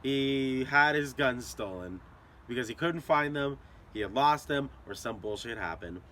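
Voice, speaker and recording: A man's voice: mid-range voice, expressive, a little slow, sharp tone, a little hiss or hum. A young man telling a story to his channel in a casual, profane, rambling way.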